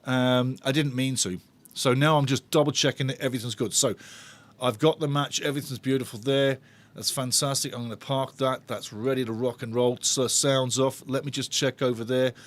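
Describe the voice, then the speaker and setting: A man's voice: medium pitch, steady tone, moderate pace. A man hosting a live football watch-along, chatting with viewers in a bantering, sarcastic way. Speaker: host of a football fan watch-along channel.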